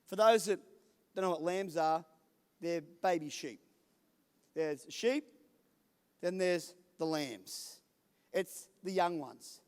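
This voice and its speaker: A man with a high-pitched voice preaches a loose, conversational sermon. He acts out the lines of the people in his story with lively, animated delivery. The long reverb of a big hall hangs behind every word. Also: normal speed. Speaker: lead pastor. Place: church service in a large hall.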